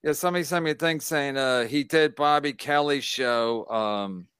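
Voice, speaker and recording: A man's voice: medium pitch, normal speed, fairly bright tone, smooth, no echo, studio quality. A man hosting a casual podcast, reading out chat comments in a rambling, profane, mocking way. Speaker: show host.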